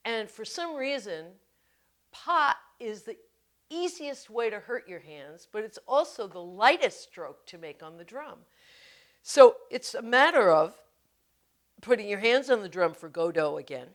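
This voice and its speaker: A woman teaching hand drumming technique in an instructional video, explaining each step gently and patiently. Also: a little high, animated, measured pace.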